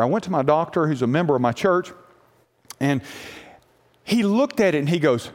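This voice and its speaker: A man preaching a sermon as pastor, telling a personal story with lively energy and often asking the congregation questions. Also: fairly high pitch, moderate pace, pauses often, big-room sound. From United States.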